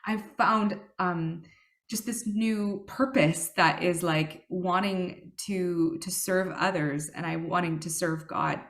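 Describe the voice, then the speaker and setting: Telling her personal recovery testimony, a woman in her thirties speaks in a fairly low, slightly bright voice at an unhurried pace. Her tone is earnest and reflective, and she often uses fillers and stops to correct herself.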